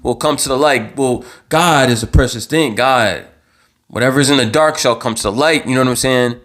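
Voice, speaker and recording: A man hosts his own livestreamed talk show, speaking at normal speed in a mid-range voice with a fairly bright tone. The commentary is impassioned: he's heated, repeats words, and swears.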